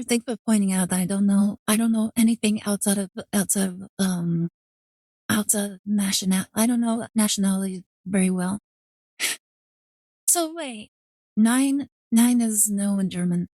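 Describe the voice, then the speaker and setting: A woman streaming a game, chatting casually in an excitable, rambling way full of fillers. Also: mid-range voice, no room sound.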